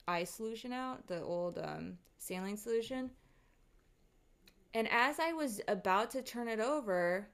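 A woman vlogger telling a casual story to her viewers, animated and rattled, swearing often. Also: a little high.

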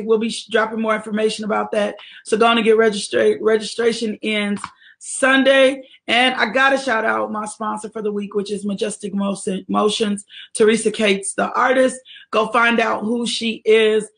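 A woman hosts a livestreamed morning devotional for her ministry. She speaks in a lively, exhortative way and greets viewers by name. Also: fairly high pitch, creaky. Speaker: ministry leader hosting a devotional.

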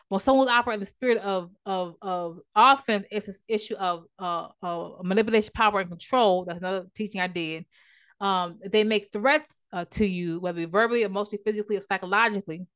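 A woman's voice: medium pitch, fast talker, a bit bright. Woman relationship coach talking to her viewers, preachy and emphatic, keeps repeating herself, church talk. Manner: uses church language and prayer. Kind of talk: casual teaching vlog.

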